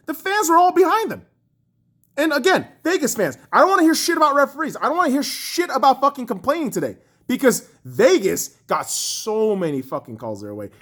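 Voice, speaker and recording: A young man hosting a podcast, ranting angrily and profanely about his team's playoff loss, swinging between shouts and low mutters. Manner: profane, furious, mocking. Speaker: podcast host. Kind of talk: angry sports rant.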